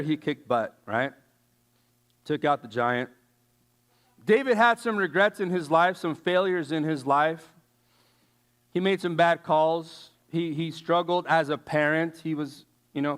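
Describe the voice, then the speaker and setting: A man giving a casual sermon, telling stories in an animated, slangy way with lots of fillers. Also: on the high side, clean tone. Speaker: youth speaker.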